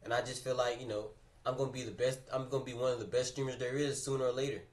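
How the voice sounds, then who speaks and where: A man's voice: mid-range voice, quick pace, far from the mic. Male streamer, casual storytime, slangy and repetitive, roomy echo, sits back from the mic. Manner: animated, slangy, repeats phrases.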